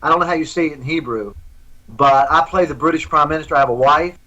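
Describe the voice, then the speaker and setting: A man's voice: on the high side, fast, bright, forceful tone, highs cut off. A man speaking as a guest in a live remote interview, earnest and preaching.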